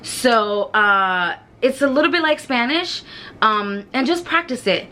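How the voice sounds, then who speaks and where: A woman's voice: fairly high pitch, animated, unhurried, pushed and bright, slight background noise. A woman giving casual travel tips to camera in a frank, chatty way with mild swearing. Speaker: travel vlogger.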